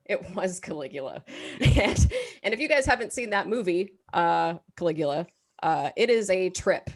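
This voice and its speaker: A woman's voice: on the low side, lively intonation, normal speed. A woman hosting a live online quiz show over a video call, casual and chatty, laughing often and swearing freely. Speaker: game show host.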